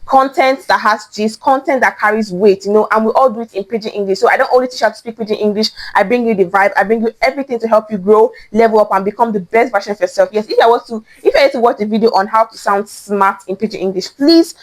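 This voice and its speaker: A young woman with a Nigerian accent hosting a casual teaching chat, excitable and playful, repeating phrases for emphasis. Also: a little high, quick pace, hardly any pauses. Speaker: host.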